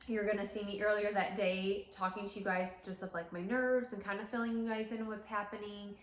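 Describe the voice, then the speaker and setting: A woman's voice: medium pitch, little pitch movement, fairly quick. A woman in her thirties who owns a salon, chatting casually and emotionally to camera, tearing up, with lots of fillers. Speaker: salon owner. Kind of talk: casual vlog chat to camera. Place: salon interior. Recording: roomy echo.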